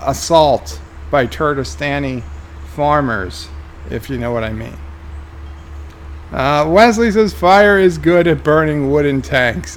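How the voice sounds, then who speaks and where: A man's voice: on the high side, slight background noise. A man streaming a game, reading viewer comments aloud with dry, offhand replies. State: tired, yawning. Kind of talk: casual live-stream commentary.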